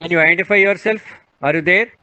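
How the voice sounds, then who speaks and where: A man's voice: high-pitched, fast, sharp tone, no room sound. A man moderating an online session, patiently repeating requests for a participant to speak. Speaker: webinar moderator. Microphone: video call. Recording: dull, muffled video call audio.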